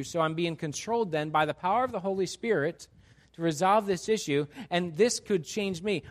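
A male pastor delivers a sermon to his congregation. His voice sits high, and he talks animatedly, putting on the voices of the people he describes. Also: fairly quick. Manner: animated, acts out quoted voices. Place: church sanctuary.

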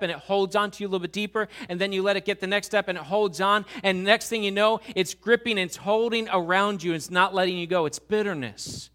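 Male pastor, high bright voice, animated sermon delivery with hushed asides and loud pleas.

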